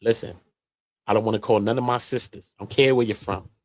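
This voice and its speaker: A man's voice: lowish voice, a little fast, dry recording. Brief: male live-stream host, casual slangy commentary, very dry close sound. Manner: animated, slangy, mocking impressions.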